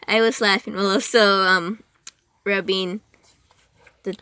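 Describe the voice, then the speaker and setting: A woman's voice: mid-range voice, fairly even intonation, slow, sharp tone, smooth, no echo. A young woman chatting as a podcast guest, rambling, giggling and cutting herself off mid-sentence. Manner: rambling, giggly, self-interrupting. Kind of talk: casual chat.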